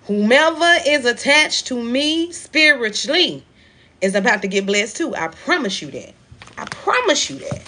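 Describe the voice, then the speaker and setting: Over slight background noise, a woman with a rather high, sharp, expressive voice speaks at normal speed during a live spiritual card reading. Like a preacher, she hammers and repeats her points emphatically, using African American Vernacular phrasing.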